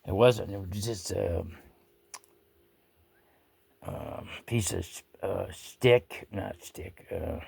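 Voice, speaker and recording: A man's voice: sits low, lively intonation, slow pace, gravelly, long pauses, a little mellow, slightly rough. A man rambling through a personal anecdote in a salty, folksy way, swearing casually and often restarting his sentences. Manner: salty, profane, folksy talk with many restarts. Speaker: storyteller.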